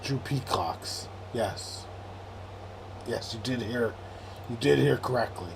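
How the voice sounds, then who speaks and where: A man's voice: mid-range voice, slow, gravelly, background noise. A young man hosting a late-night sports livestream, rambling and sarcastic, with frequent swearing as he reads chat aloud. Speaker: livestream host.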